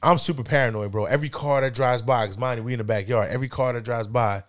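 A man's voice: mid-range voice, fast. Laid-back man telling a story. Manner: laid-back, slangy, animated when quoting others. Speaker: podcast co-host. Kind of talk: casual storytelling. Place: indoors, podcast setting.

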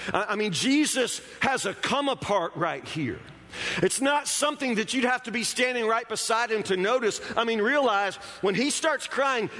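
A man's voice: sits high, sharp tone, big-room sound. A man preaching a sermon in a conversational, emphatic way, often stammering over restarts. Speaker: pastor.

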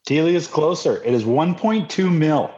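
A man's voice: fairly high pitch, lively intonation, normal speed, a little mellow. Man, podcast co-host, wry skeptical questioner, casual chat, dull lo-fi recording. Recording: dull lo-fi sound.

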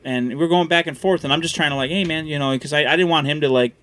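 A man on a podcast, telling personal stories in a lively way, swearing and acting out what people said. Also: fairly high pitch, fast talker. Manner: animated storyteller, swears, acts out quotes. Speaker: podcast guest in recovery. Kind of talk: casual podcast conversation.

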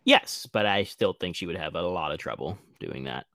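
A man co-hosting a casual recap podcast, swearing freely and telling the story with lively energy. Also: sits low, normal speed, no room sound. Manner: animated, swears freely, acts out characters' lines. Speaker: podcast co-host.

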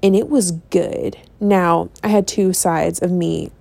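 A woman's voice: fairly low pitch, slow, vocal fry, dry recording. Sassy, foul-mouthed young woman. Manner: sassy, animated, swears freely, slips into mock voices. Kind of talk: casual chat, profane and dramatic.

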